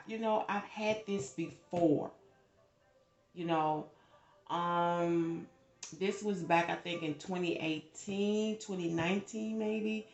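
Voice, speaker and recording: A fairly low-voiced woman talks through a tarot reading in a loose, chatty way. She gets animated and swears freely when worked up, and her voice rings in an echoey room. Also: slow, soft background music. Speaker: tarot reader.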